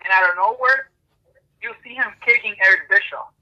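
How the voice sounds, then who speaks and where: A man hosting a podcast, telling an animated story in casual chat with lots of fillers. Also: high-pitched, normal speed, dull audio. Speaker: podcast host.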